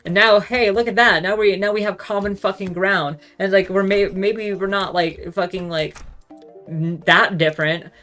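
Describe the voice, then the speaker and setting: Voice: mid-range voice, steady tone, normal speed, bright, forceful tone, soft background music. A speaker ranting casually in a rambling monologue, swearing freely and filling every gap with "like.". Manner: rambling, profane, heavy use of "like". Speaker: solo talk show host.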